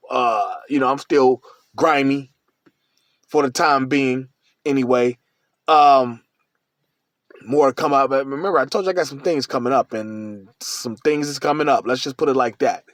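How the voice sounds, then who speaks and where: A man with a notably high-pitched voice delivers a casual solo rant as a podcast host. He talks bluntly and profanely, circling back and repeating himself. The sound is dry, with no room echo. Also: a bit bright.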